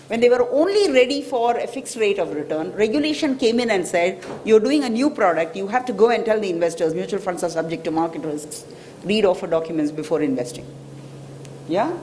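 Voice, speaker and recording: A woman with an Indian English accent speaks as a financial expert at a public talk in a hotel event hall, often checking in with the audience by asking "right?" Her voice sits fairly high and is a little mellow, with a faint hiss or hum in the recording.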